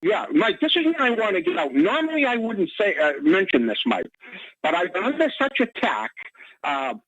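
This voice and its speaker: Man calling into a radio show, high and lively pitch, rambling and stammering, dry muffled phone sound. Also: moderate pace, a little hiss or hum. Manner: rambling, stammering, many restarts. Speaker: caller. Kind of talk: call-in radio rant. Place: Boston area.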